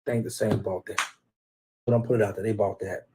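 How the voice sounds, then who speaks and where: A man's voice: lowish voice, steady tone, fast, slight background noise. A man hosting a casual live stream, rambling and teasing rival fans, calling out viewers by name. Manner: teasing, rambling, trash-talking, shouts out viewers.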